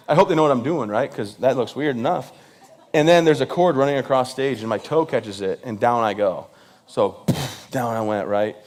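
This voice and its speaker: A man's voice: medium pitch, fairly quick. A man from Michigan giving a humorous, self-deprecating speech at a live event, often checking in with "right?". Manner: self-deprecating, jokey, many "right?" asides. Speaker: guest speaker.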